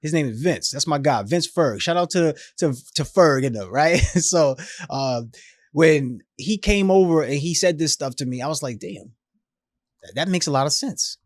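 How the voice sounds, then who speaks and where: A man in his thirties, a podcast guest, telling his life story in an animated, emphatic, casual way with slang. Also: on the high side, moderate pace, no room sound, clean studio sound.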